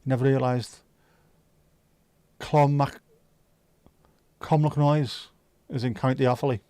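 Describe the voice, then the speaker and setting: A man's voice: medium pitch, fairly even intonation, measured pace, dark tone, smooth, dry recording. A man hosting a livestream, chatting casually with viewers and teasing them. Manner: joking, teasing, chatty banter. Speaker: livestream host.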